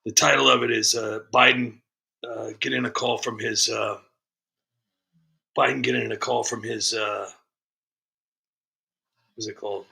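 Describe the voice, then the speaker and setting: A man chats casually on his livestream, greeting viewers and reading their comments. He talks in a rambling way. His voice is strikingly bright, with a gravelly edge. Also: mid-range voice, steady tone, measured pace, pauses often. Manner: rambling, frequent ums and restarts. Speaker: livestream host.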